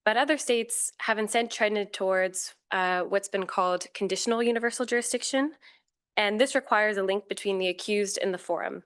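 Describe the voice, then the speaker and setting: A woman giving a formal, measured academic talk as a conference panel speaker, with occasional fillers and self-corrections. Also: medium pitch, fairly bright tone, smooth.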